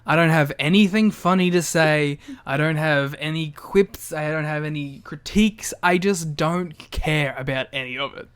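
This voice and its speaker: A man's voice: on the high side, normal speed, few pauses, a bit bright, clean tone. A man co-hosting a podcast in casual chat, with wry, self-mocking remarks and frequent laughter. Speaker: podcast co-host.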